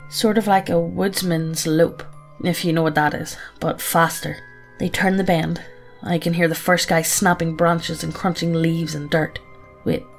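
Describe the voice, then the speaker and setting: Low-voiced woman reading a horror story. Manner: casual, profane, present-tense storytelling.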